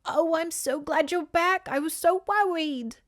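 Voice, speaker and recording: A woman voicing a worried elderly great-aunt in a high, fretful voice while reading a storybook aloud. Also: unhurried.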